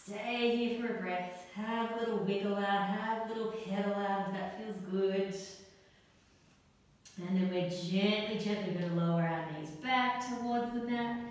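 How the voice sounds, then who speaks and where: A young adult woman teaching a guided yoga class for children, giving gentle, encouraging step-by-step cues. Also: mid-range voice. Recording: echoey hall, voice from far off.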